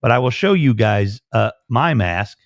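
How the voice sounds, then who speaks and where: A man's voice: medium pitch, lively intonation, unhurried, dry recording. A man hosting a live stream, chatting casually and rambling with lots of fillers and restarts. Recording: dull lo-fi stream audio.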